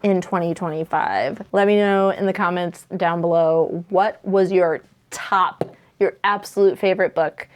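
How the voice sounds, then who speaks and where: A woman's voice: lowish voice, steady tone, unhurried. A woman book vlogger in casual chat, bubbly and gushing, with lots of fillers.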